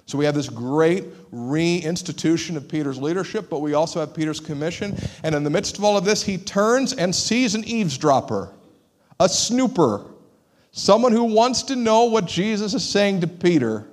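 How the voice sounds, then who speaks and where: A man preaching a sermon as pastor, in an animated, conversational way. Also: high-pitched, normal speed. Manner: animated, conversational, acts out quoted voices.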